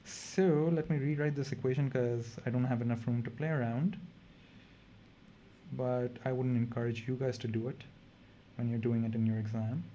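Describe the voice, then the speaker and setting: A young man runs a relaxed exam revision session in chemistry, talking through problems as he goes. His voice sits at an ordinary middle pitch for a man. He thinks out loud and often stops to correct himself mid-sentence. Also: normal speed, dull audio, slight background noise. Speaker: chemistry tutor. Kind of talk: casual exam revision lesson.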